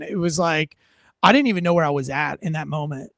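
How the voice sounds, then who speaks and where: A somewhat high-pitched man with a gravelly edge to his voice tells cop stories in a blunt, profane, self-mocking way. The sound is close and dry, with no room to it. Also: lively intonation, fast talker, fairly bright tone, no room sound. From United States. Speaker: former police officer turned comedian, guest. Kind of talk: casual storytelling interview.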